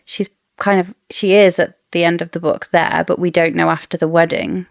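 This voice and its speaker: A woman's voice: fairly low pitch, steady tone, moderate pace, creaky, no room sound, clean studio sound. A woman co-hosting a casual book discussion podcast, chatty and theorizing with frequent laughs. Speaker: podcast co-host.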